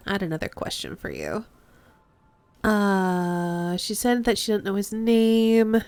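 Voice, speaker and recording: A woman's voice: mid-range voice, expressive, takes it slowly, darkish tone, clean tone, no echo. Woman chatting through a game. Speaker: streamer. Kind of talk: casual let's-play commentary.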